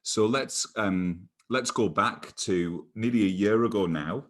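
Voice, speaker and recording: A man with a very low voice hosts an online church interview. He talks haltingly, with many ums and restarts. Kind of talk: interview hosting.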